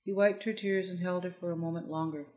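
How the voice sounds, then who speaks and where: Low-voiced woman narrating an audiobook. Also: poor audio. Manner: measured, even storytelling.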